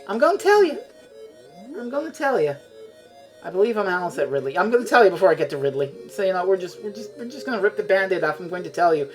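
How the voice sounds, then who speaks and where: An animated woman streaming a video game, her pitch leaping up and down as she rambles and swears freely. Faint music plays beneath her voice. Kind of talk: casual chat while playing a video game.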